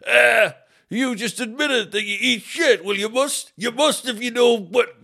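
A man's voice: extremely high pitch, unhurried, vocal fry, sharp tone, pitched above the performer's own voice, exaggerated voice. A man mimicking a smug male office joker who goads a coworker in a casual podcast. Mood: goading. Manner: mocking, goading.

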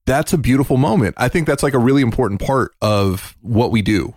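A man's voice: medium pitch, lively intonation, brisk, darkish tone, dry recording, clean studio sound. A man hosting a podcast, frank and joking but reflective in casual conversation. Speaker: podcast host.

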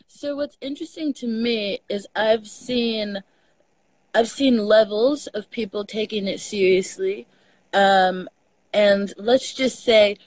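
A young woman with a Texan accent, chatting as a podcast guest, animated, laughing often and swearing casually. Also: medium pitch, dry recording, rough recording. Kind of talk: casual conversation.

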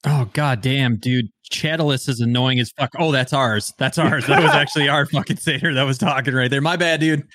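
A man's voice: medium pitch, steady tone, a little fast, hardly any pauses, fairly bright tone, no room sound, studio quality. A man playing a tabletop role-playing game, casual, profane and teasing. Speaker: player.

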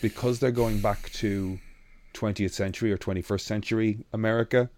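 A man co-hosting a podcast in casual chat, animated and sweary as he rants. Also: lowish voice, fairly quick, a little hiss or hum. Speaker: podcast co-host.

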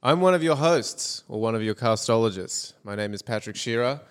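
A man's voice: medium pitch, animated, fairly quick, clear, resonant tone. A man hosting a podcast in casual chat, playful and a little hesitant with ums. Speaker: podcast host.

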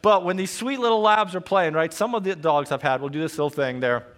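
A male pastor delivering a lively sermon in a church, joking and growling playfully to make his points. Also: on the high side, a little fast. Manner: animated, jokey preaching with playful growls.

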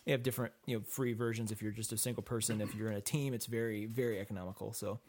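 A man's voice: fairly low pitch, fairly even intonation, racing, darkish tone. A man co-hosting a podcast, chatting casually and rambling with lots of fillers and restarts. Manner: rambling, filler-heavy, self-correcting. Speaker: podcast co-host. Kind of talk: casual chat.

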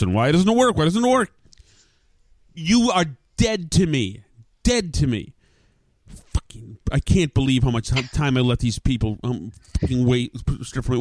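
A man's voice: on the high side, no room sound. Furious man ranting with profanity. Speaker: podcast host. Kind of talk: ranting podcast monologue. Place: studio with recording gear.

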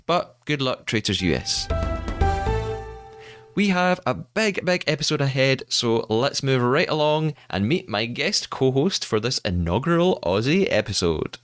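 A man hosting a podcast, presenting a scripted segment in an upbeat, animated way. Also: mid-range voice, unhurried, over music. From United Kingdom. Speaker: podcast host.

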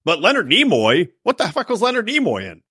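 A man hosting a comedy podcast, trading crude jokes. His voice sits a little high and moves lively up and down. The sound is close and dry. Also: fairly quick, slightly rough, no echo. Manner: animated, joking, crude. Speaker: podcast host.

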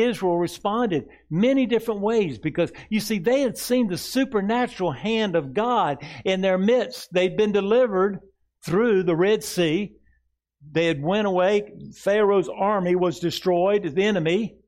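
A man preaching a sermon to a congregation, earnest, asking rhetorical questions and dropping soft for tender asides. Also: high-pitched. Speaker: pastor. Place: church sanctuary before a congregation.

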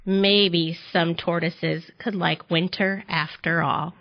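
A woman reading a children's picture book aloud for a library storytime, gentle, expressive and unhurried. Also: on the low side, vocal fry. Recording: slightly dull audio.

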